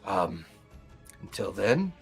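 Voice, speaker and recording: A man's voice: low voice, sing-song, gravelly, breathy edge, soft background music, pitched below the performer's own voice, full character voice. A hesitant servant of the sea council, played by a man running the game. He halts and stumbles through his words and keeps his tone deferential. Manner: hesitant, halting.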